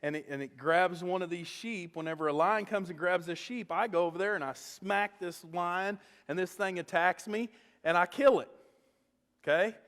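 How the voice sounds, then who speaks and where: A male pastor preaching a sermon, animated as he tells a story and often checking in with "okay?". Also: high voice, moderate pace, big-room sound.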